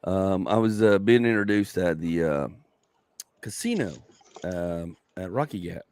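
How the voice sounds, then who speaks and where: A middle-aged man with a Southern accent, a comedian chatting on his podcast and telling stories with lively acted-out quotes. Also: low-pitched, unhurried. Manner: animated storyteller who acts out quoted people. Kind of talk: casual chat, storytelling.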